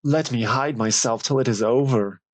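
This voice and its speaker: A man's voice: medium pitch, moderate pace, voice pushed up, close to an everyday voice. Loki, a man playing a gasping, fearful trickster god. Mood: terrified. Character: cunning male trickster god, gasping with dread.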